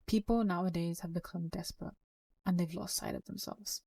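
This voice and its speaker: Earnest woman with a gravelly voice. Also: lowish voice, steady tone, brisk, dark tone, no echo, far from the mic. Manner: earnest, encouraging. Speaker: channel host. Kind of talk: reflective advice talk.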